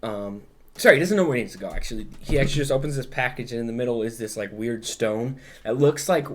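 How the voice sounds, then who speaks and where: A man's voice: medium pitch, fast, slight background noise. A man hosting a podcast, recapping in casual chat and rambling, with plenty of filler words and swearing. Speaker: podcast host.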